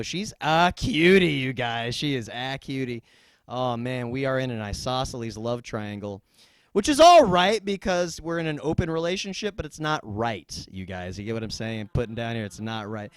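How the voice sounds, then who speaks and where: A young man performing a stand-up comedy set, dropping into deadpan asides and bursting into loud yells. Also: mid-range voice, no room sound.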